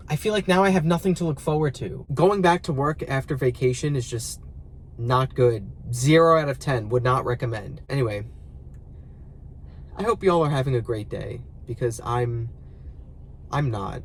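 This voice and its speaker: A man's voice: mid-range voice, expressive, moderate pace, pauses often, slight background noise. A man in a parked car, complaining dramatically in a casual vlog. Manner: dramatic, mock-complaining, exaggerated. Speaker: vlogger.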